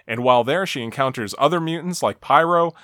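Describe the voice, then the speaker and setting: This podcast host's voice sits a little high and comes across brisk, pushed and bright in a dry, studio-quality recording. He recaps a cartoon episode in a casual, conversational way, laughing and stumbling through frequent restarts.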